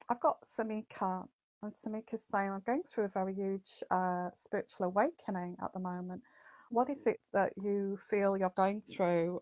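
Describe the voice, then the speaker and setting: A woman's voice: medium pitch, darkish tone, no room sound. Chatty woman hosting a livestream. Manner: chatty, greets viewers by name, many fillers. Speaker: psychic livestream host. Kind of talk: casual livestream chat.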